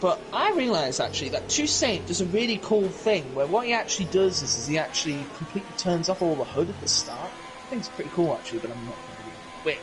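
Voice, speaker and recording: A man's voice: fairly high pitch, big pitch swings, quick pace, over music, rough recording. A young man casually chatting on a live stream while playing a racing game, rambling and answering viewers in chat. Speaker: racing league streamer and commentator.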